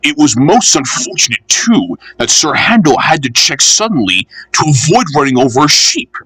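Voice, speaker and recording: A man reading a children's railway storybook aloud in an expressive, measured way. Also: fairly high pitch, dry recording.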